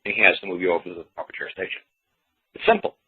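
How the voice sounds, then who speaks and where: A man's voice: sits low, animated, very fast, breathy edge. A man hosting a talk show, explaining things in a blunt, folksy, rambling way. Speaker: show host. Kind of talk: call-in talk monologue. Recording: tinny phone-line sound.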